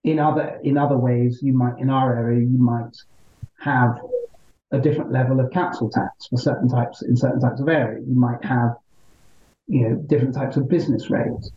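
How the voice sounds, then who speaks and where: A male member of parliament answering interview questions in a measured, argumentative way, often checking in with "right?". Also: medium pitch, fairly even intonation, mellow, roomy sound, dull audio.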